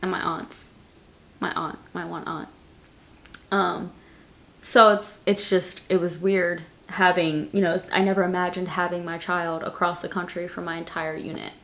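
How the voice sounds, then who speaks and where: A late-twenties woman vlogger speaks at a moderate pace in a lowish, creaky voice that's fairly bright yet level in tone. She answers viewer questions straight to camera in a casual Q&A, rambling, repeating words and filling with "like."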